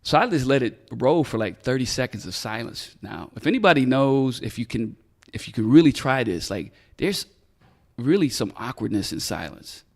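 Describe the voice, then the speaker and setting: A man's voice: medium pitch, normal speed, creaky. A middle-aged man, a retired detective, telling a story in a podcast interview. He is casual, swears freely and acts out the dialogue. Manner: animated storyteller who acts out quoted dialogue. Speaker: retired police detective, guest.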